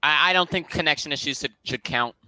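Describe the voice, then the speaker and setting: A man's voice: fairly high pitch, fairly quick, background noise. A man co-commentating a live esports match, rambling and stammering with hype, his voice wearing out. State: losing his voice.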